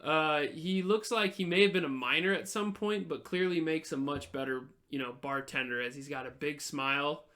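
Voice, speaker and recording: Bright-voiced man narrating as game master. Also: a little high, moderate pace, hardly any pauses. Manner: casual, rambling narration with fillers.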